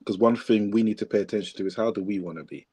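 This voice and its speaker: A man's voice: fairly low pitch, racing, dark tone, breathy edge. A man co-hosting a podcast, commenting in a casual, reflective way with emphatic repeated phrases. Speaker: podcast co-host.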